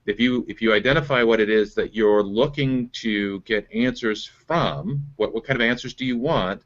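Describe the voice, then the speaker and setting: Man, business coach, low voice, explains step by step, dull lo-fi call audio. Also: normal speed. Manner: explanatory, repeats "right?" to check in.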